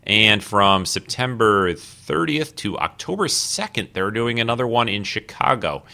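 A man's voice: fairly low pitch, big pitch swings, unhurried, creaky, sharp tone. A man hosting a podcast alone, talking casually and rambling with fillers and restarts. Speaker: podcast host. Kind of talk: casual solo podcast talk.

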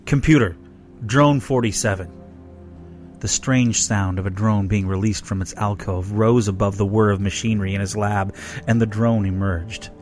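A man reading a fan roleplay story aloud in a steady, measured way. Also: on the low side, faint music behind. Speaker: story reader.

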